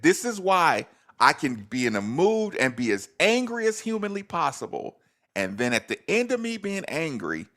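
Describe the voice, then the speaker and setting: A man hosts a casual sports talk show with a lively, swooping delivery. His voice sits a bit high for a man, and he presses his points by repeating words for emphasis.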